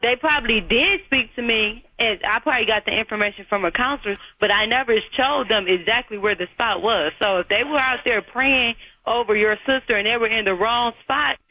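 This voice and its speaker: A woman's voice: a little high, fairly quick, few pauses, no echo. A woman working in a cemetery office, firm and dismissive on a phone call. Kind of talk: phone conversation.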